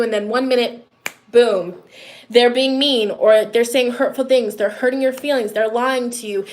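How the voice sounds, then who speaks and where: High-pitched woman, tarot reader, casual direct-to-camera reading, repetitive and chatty. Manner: direct, repetitive, addresses listeners as a sign; chatty asides, laughs at herself.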